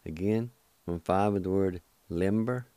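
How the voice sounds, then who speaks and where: A man's voice: deep voice, warm tone, smooth, no echo. A man hosting a radio language lesson, patiently spelling and sounding out words syllable by syllable. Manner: patient, repeats syllables slowly, reassuring. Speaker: radio host teaching language. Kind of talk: slow word-by-word pronunciation lesson.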